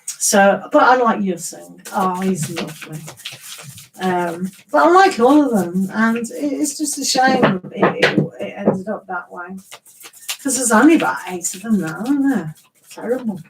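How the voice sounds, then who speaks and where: A woman's voice: medium pitch, expressive, unhurried, a little hiss or hum, poor audio. A middle-aged woman chatting casually with viewers as a tarot reader on a live stream, rambling and teasing with laughs.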